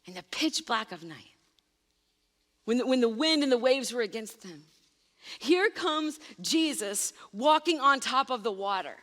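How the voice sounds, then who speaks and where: A woman's voice: a little high, lively intonation, measured pace, fairly bright tone, long reverb tail. A woman pastor giving a sermon, speaking emphatically and addressing her listeners directly. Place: church sanctuary.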